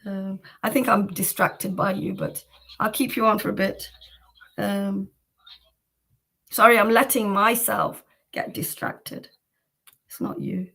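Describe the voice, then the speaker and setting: A woman's voice: mid-range voice, steady tone, slow pace, long pauses, bright, forceful tone, low-quality recording. A woman hosting a devotional chanting livestream, talking casually to her viewers in a rambling, fervent way, with many repeats of "you know".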